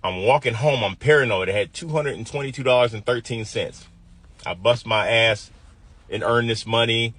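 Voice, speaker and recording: A man's voice: medium pitch, normal speed, a bit bright, husky, dry recording. A man in his fifties from the US Midwest, telling a personal story vividly and acting out the quoted voices.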